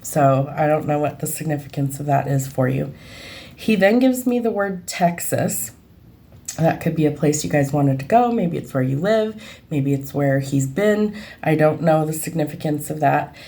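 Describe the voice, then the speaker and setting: A woman with a notably low, deep voice talks through a psychic reading at her own pace. She hesitates often, filling gaps with ums as she thinks aloud and describes what she senses. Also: animated, normal speed, creaky, warm tone. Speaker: medium giving a reading. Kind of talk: unscripted spoken reading.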